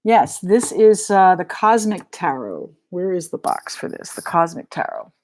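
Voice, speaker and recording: A woman's voice: on the low side, big pitch swings, measured pace, a little mellow. A middle-aged woman with a New England accent giving a live tarot reading in a chatty, frank and joking way. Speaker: tarot reader.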